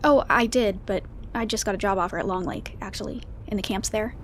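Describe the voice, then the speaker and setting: A woman's voice: mid-range voice, a little fast, background noise, lightly acted. An actress playing a restless, unsure young woman, speaking hesitantly. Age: young adult. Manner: hesitant, self-doubting.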